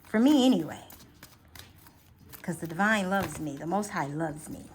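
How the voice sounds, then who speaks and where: A woman speaks straight to her viewers in a relaxed reading vlog. She is chatty and encouraging, circles back over her words as she thinks, then eases into slow, gentle affirmations. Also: on the low side, a little hiss or hum. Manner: repeats and restarts phrases as she thinks aloud. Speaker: astrology and tarot reader. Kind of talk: casual spiritual reading vlog.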